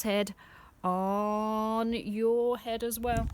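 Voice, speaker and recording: Nursery teacher, woman, story time for small children, lively and unhurried, faint hiss behind. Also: a little high. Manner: animated and expressive, asks children questions. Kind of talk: reading a picture book aloud to young children.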